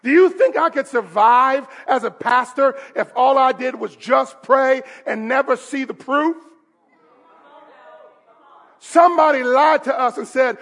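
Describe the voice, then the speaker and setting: A male pastor preaching a sermon in a church service, emphatic and rising to shouts with call-and-response. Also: very high voice, unhurried, vocal fry, some chatter behind.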